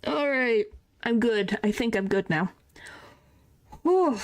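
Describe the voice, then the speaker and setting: A woman's voice: on the high side, lively intonation, slow pace, pauses often. A woman streamer playing through a game, chatting with viewers and giggling between lines. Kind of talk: game playthrough with character voices.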